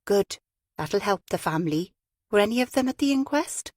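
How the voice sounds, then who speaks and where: A woman voicing a young female detective sergeant who speaks briskly and eagerly. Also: medium pitch, lively intonation, no room sound, clean studio sound, voice pushed up, natural voice.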